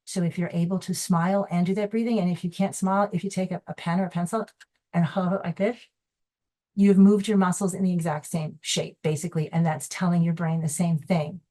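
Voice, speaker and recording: A woman's voice: fairly low pitch, level tone, a little fast, warm tone. A middle-aged woman giving an informal health webinar, talking conversationally with frequent restarts and acting out quoted reactions. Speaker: webinar presenter. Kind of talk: informal educational webinar talk.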